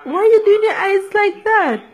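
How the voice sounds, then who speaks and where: A woman's voice: very high-pitched, lively intonation, normal speed. A young mother at home, laughing and teasing her baby in playful sing-song baby talk.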